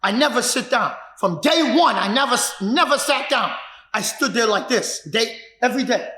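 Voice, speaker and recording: A martial arts instructor telling his own story in an emphatic, repetitive way that builds to shouts. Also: very high-pitched, lively intonation, normal speed. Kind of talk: personal storytelling. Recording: echoey room.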